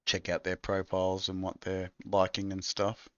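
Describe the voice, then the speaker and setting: A man with a very low, deep voice chats as co-host in a rambling, crude and laid-back way. The recording is dry and dull, with a lo-fi sound. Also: monotone, moderate pace, no room sound. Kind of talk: casual chat.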